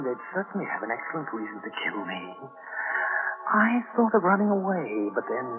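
Actor doing a haunted young man, high lively voice, old radio drama, loud score behind, tinny. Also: lightly acted. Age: young adult. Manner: tense, breathless first-person narration. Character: frightened young man haunted by his father's murder. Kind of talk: 1940s radio acting.

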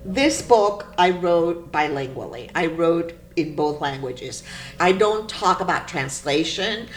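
A woman poet being interviewed, telling stories in an animated, emphatic way. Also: on the low side, takes it slowly, a little hiss or hum. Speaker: poet guest. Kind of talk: interview conversation.

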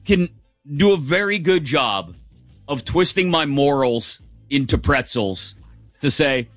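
Animated, sarcastic sports radio host man. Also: unhurried, dry recording, soft background music. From United States. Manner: sarcastic, animated, shifts pitch for emphasis. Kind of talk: opinionated sports talk monologue.

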